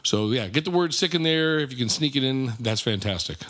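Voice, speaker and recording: A man's voice: medium pitch, animated, a little fast, a bit bright. A man co-hosting a casual podcast, sarcastic and mock-grumpy. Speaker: podcast co-host. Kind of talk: casual chat.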